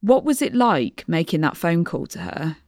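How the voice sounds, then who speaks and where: Lady interviewer, kinda low voice, calm careful questions. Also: normal speed, no room sound, clean studio sound.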